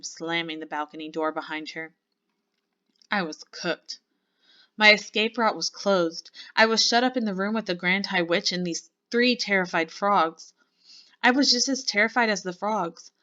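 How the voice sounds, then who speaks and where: A woman teacher reading a children's book aloud with lively storybook narration. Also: on the low side, moderate pace. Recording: muffled lo-fi recording.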